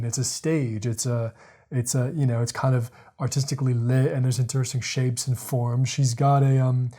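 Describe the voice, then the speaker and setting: A man hosting a podcast, thinking out loud in a rambling casual monologue, repeating words and using lots of fillers. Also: mid-range voice. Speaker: podcast host. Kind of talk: casual monologue, reading quotes aloud.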